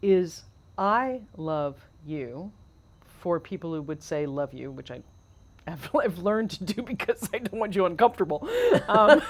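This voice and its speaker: A woman co-hosting a podcast, animated and questioning, explaining ideas like a teacher. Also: lowish voice, normal speed. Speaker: podcast co-host. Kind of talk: casual conversation.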